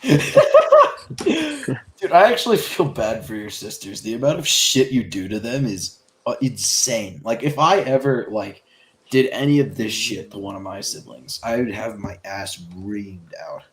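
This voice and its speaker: Animated young-sounding male podcast co-host. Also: mid-range voice, unhurried. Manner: animated, swears freely, lots of laughter. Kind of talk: casual chat.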